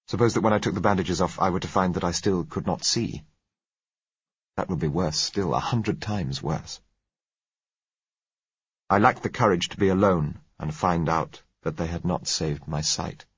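Low husky male narrator. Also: no echo. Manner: measured, dramatic storytelling with shifts in emphasis. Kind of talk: scripted first-person audiobook narration. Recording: dry, slightly dull recording.

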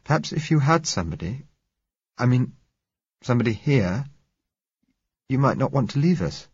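A man's voice: mid-range voice, expressive, moderate pace, husky, no room sound, pitched above the performer's own voice. A man voicing an earnest, faltering eighteen-year-old blind young woman in a story reading. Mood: pleading. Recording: dull lo-fi recording.

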